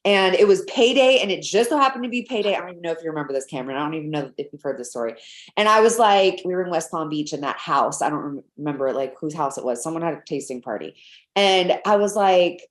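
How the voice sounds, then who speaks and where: Excited rambling woman on a roomy call. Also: low voice, fast. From Atlanta, USA. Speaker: sales team leader. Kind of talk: casual team video call.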